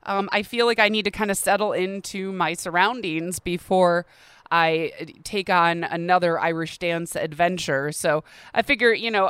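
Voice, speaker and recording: A woman's voice: fairly low pitch, a bit bright, clear, resonant tone, no echo. A woman hosting a podcast on a close mic, chatting casually with lots of fillers and a self-deprecating, laughing manner. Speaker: podcast host. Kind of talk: casual solo podcast talk.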